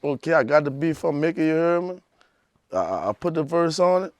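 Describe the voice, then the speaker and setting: Man, rambling storyteller, somewhat high voice, dry close sound. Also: very animated, a little fast, dry recording. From Louisiana. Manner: rambling, repeats "you hear me". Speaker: rapper guest. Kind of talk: casual storytelling interview.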